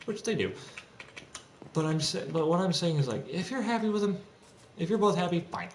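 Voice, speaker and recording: A man's voice: fairly high pitch, animated, brisk, a little mellow. A young man ranting in an agitated, profane, rambling monologue with frequent restarts, recorded in a home room with faint typing behind. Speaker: streamer. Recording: echoey room, faint background noise.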